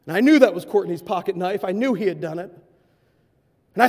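A male preacher telling a story in a sermon, swinging from shouting passion to hushed quiet. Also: high-pitched, fairly quick, long pauses. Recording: long hall reverb.

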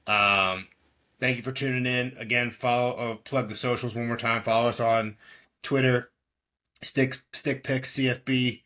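A man's voice: mid-range voice, steady tone, unhurried, sharp tone. A man co-hosting a sports betting podcast, talking loosely and rambling, with casual swearing. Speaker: podcast co-host.

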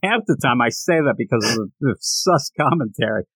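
A man's voice: mid-range voice, expressive, a little fast, fairly bright tone, slightly rough, dry recording, poor audio. A man hosting a casual podcast, rambling and joking with frequent restarts. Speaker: podcast host.

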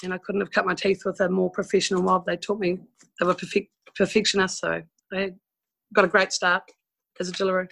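A woman with a New Zealand accent, from New Zealand, frankly recounts stories from her past as a guest in a casual interview. Her voice is on the low side, gravelly and a bit bright, with a brisk, flat delivery on a rough recording. She's chatty and frank, adding mild swearing and laughing asides.

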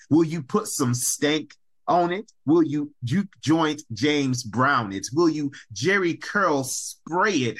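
Man doing spoken word poetry, slow drawn out delivery, rhythmic preachy cadence, middle pitch. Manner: rhythmic incantatory repeated questions, rising toward shouts. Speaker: poet.

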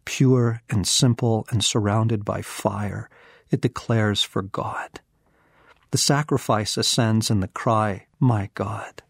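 A man with a husky, slightly low voice reads scripture and reflects on it in an earnest, hushed manner. He speaks very slowly and at moments sinks to a whisper. The sound is dry and close, with no room around it. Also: fairly even intonation, no room sound. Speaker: devotional teacher. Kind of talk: scripture reading with reflective commentary.

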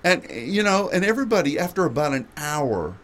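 A man hosting a radio show, telling a lively travel anecdote with laughter. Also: fairly high pitch, a little fast. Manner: animated anecdote with frequent laughter. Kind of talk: storytelling chat.

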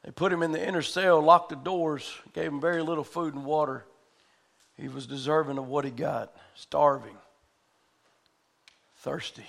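A man's voice: on the high side, steady tone, moderate pace, vocal fry, pauses often, a bit bright. A man preaching a sermon in a church, telling a story with fervent conviction.

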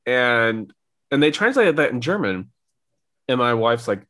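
A man's voice: mid-range voice, big pitch swings, a little slow, pauses often, sharp tone. A young man co-hosting a podcast, talking casually and rambling with lots of filler words. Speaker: podcast co-host. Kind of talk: casual chat.

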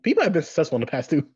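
A woman co-hosting a casual recap podcast, blunt and excitable, laughing often, on a dull mic. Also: low voice, husky. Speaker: podcast co-host.

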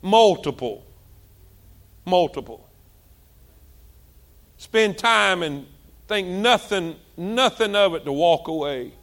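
A male pastor, preaching a sermon with passion, repeating himself and swinging between loud and soft. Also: high-pitched, lively intonation, takes it slowly.

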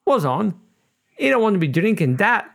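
A man putting on a gruff Cornish farmer. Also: high voice, sing-song, normal speed, fairly bright tone, pitched above the performer's own voice, exaggerated voice. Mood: gruff, teasing. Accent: put-on Cornish. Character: gruff rural male Cornish farmer, blunt.

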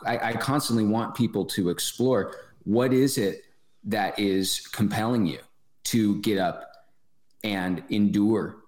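A man being interviewed as a running club president, speaking thoughtfully with many restarts. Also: on the low side. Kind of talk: casual podcast interview. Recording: roomy echo.

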